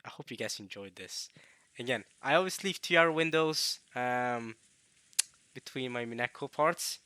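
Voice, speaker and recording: Young male let's play host: worn-out, strained voice with a sharp bright edge, halting casual delivery. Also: medium pitch, dry recording. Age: young adult. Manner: rambling, halting, with coughs and throat-clearing. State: tired, strained voice. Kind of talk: casual late-night let's play commentary.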